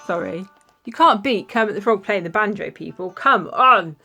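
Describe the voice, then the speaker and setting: A woman's voice: mid-range voice, lively intonation, moderate pace, sharp tone, breathy edge, soft background music, rough recording. A woman vlogging straight to her viewers in a mid-range voice. She speaks with emphatic indignation and breaks off to apologise. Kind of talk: casual vlog to camera.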